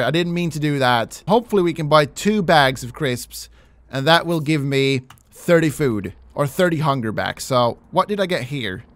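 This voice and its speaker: A man commenting on his own gameplay in a high, bouncing voice. He jokes, swears casually and slips into mock-pleading when he begs. The sound is dry and close. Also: no room sound. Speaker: gaming channel host. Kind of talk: let's play commentary.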